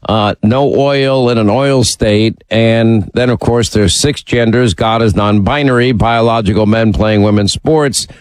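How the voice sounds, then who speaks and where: A man's voice: fairly low pitch, fairly even intonation, unhurried, hardly any pauses, no echo, low-quality recording. A man hosting a radio talk show, speaking emphatically and opinionated, teasing his callers. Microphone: studio mic.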